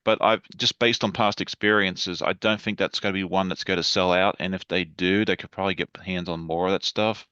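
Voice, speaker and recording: A man's voice: low-pitched, steady tone, brisk, hardly any pauses, sharp tone, clean tone, no echo, highs cut off. A man chatting as a guest on a livestream over a video call, enthusiastic and rambling. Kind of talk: casual livestream chat.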